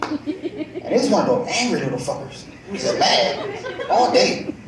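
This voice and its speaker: A man's voice: sits high, a little slow. A man doing stand-up comedy, telling profane stories about family life and checking in with the crowd. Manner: animated, profane storytelling with crowd check-ins. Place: comedy club stage. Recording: echoey live club, distant mic, crowd audible.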